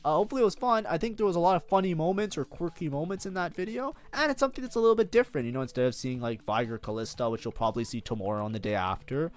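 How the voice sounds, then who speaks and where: Animated, swearing gaming streamer guy. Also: fairly high pitch, very fast, few pauses, faint music behind. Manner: swears freely, bursts into loud frustrated outbursts; self-critical, talks constantly. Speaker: streamer reviewing his own match. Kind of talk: casual gameplay commentary.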